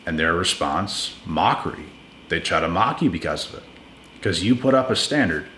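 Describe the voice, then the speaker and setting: A man's voice: low-pitched, expressive, moderate pace, pushed and bright, roomy sound, a little hiss or hum. A man giving blunt, emphatic relationship advice in a casual monologue to his viewers. He repeats words for stress and calls listeners "bro".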